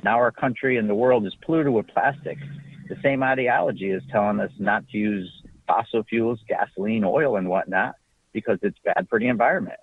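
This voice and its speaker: A man's voice: on the low side, fairly quick, breathy edge. A man leaving an indignant ranting phone message for a radio show. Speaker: caller. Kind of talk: recorded phone rant. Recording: dry muffled phone line.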